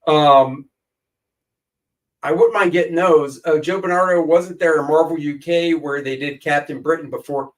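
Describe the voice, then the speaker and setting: A man's voice: fairly high pitch, far from the mic, poor audio. Joking man, a bit away from the mic. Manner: jokey, rambling, flips voices for quotes. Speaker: co-host. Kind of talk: casual chat.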